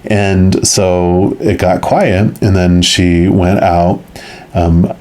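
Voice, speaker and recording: A man's voice: low-pitched, drawn-out words, mellow. A man giving a tarot reading, telling a story casually and rambling with many fillers. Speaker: tarot reader.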